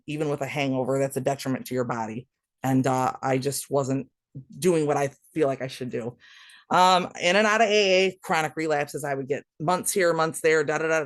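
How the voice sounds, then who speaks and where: A woman's voice: low voice, dry recording. A woman speaking as a podcast guest, telling her recovery story in a raw, blunt way, swearing freely and talking straight to the listeners. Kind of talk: candid storytelling monologue.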